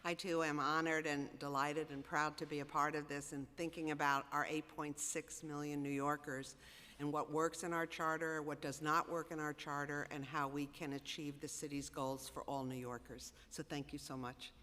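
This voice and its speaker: A woman's voice: low-pitched, flat delivery, normal speed, a bit bright. A woman on a city commission giving earnest, list-like opening remarks at a public meeting. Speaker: commission member. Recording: long reverb in a large chamber.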